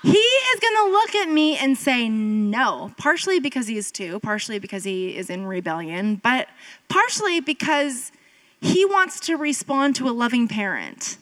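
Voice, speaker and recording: A woman pastor in her thirties preaching a sermon in a conversational, storytelling way, often jumping up in pitch for emphasis. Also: very animated, normal speed, fairly bright tone, poor audio. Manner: conversational, with filler "like" and asides.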